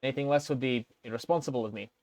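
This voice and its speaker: A man's voice: medium pitch, very fast, a little mellow, no echo, natural voice. A man putting on a jovial Italian quartermaster. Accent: attempted Italian. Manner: jovial, teasing, a little smug. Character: friendly, portly male Italian quartermaster.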